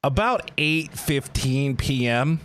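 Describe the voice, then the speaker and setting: A young man co-hosting a casual podcast, animated and full of casual slang. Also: mid-range voice, slow pace, slight background noise. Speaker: podcast co-host.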